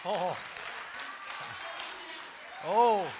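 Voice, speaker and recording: A man preaching with exuberant shouting and calling out to his congregation. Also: high voice, drawn-out words, a loud crowd, heavy background noise. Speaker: pastor. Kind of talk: sermon.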